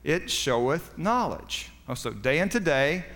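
A man's voice: on the high side, sing-song, measured pace, fairly bright tone, big-room sound. A man preaching a sermon as pastor, with a folksy, joking delivery that rises for punchlines.

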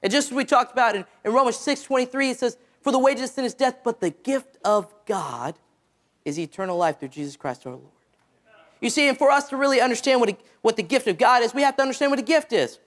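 A man with a squeaky voice preaching an evangelistic sermon, stretching out key phrases and letting them drop low at the ends. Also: animated, fast, fairly bright tone.

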